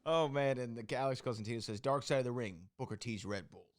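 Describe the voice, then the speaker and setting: A man's voice: medium pitch, fast, no echo, clean studio sound. A man co-hosting a podcast who laughs along easily and reads out viewer comments. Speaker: podcast co-host. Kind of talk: casual chat.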